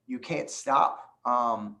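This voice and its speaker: A man's voice: medium pitch, extremely slow, pushed and bright. A man in his late twenties from New Jersey, a band singer talking earnestly in a casual interview, with a few filler ums. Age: late 20s.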